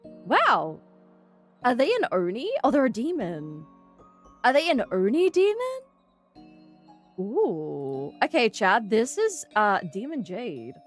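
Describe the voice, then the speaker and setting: A young Australian woman streaming, chatting casually to her viewers, giggling and gasping excitedly. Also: a little high, soft background music. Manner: giggly, bubbly and excitable, quick gasps and squeals. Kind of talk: casual live-stream chat.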